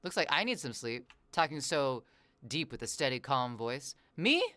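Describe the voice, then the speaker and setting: A game streamer with a smooth, even voice, recorded close and dry at a home desk microphone. They ramble playfully and slip into musing asides between quick reactions to chat. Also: medium pitch, no room sound. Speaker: variety streamer. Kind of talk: casual live-stream chatter while gaming.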